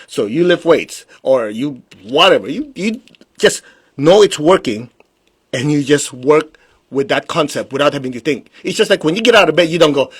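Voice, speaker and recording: Husky, emphatic man teaching. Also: fairly high pitch, lively intonation, moderate pace. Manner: emphatic, blunt, with rhetorical questions; mocks excuses with put-on quoted voices. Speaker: spiritual teacher. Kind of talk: live-streamed spiritual teaching.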